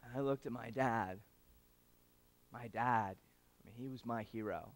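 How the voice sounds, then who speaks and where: A man giving a storytelling speech at an awards event, animated and swinging between loud and hushed moments, talking straight to the audience. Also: medium pitch, unhurried. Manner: addresses the audience directly.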